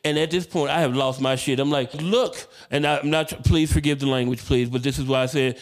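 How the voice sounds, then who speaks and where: A man, a comedian, telling hospital stories on a podcast in an animated, candid, profane way. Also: mid-range voice, quick pace, soft background music. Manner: animated, profane, self-deprecating. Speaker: comedian guest. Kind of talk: casual podcast storytelling.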